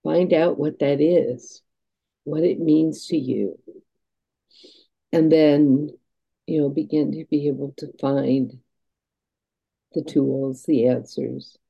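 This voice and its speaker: A woman guest telling stories and reflecting, in an earnest, halting way with restarts. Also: low voice, fairly even intonation, creaky, mellow, breathy edge, dull audio. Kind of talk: reflective storytelling.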